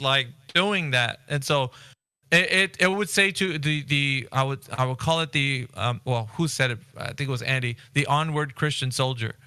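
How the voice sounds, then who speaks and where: A man's voice: a little high, pushed and bright, clear, resonant tone, dry recording. A man hosting a casual voice-chat discussion, talking earnestly and rambling with frequent restarts. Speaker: Discord voice chat host.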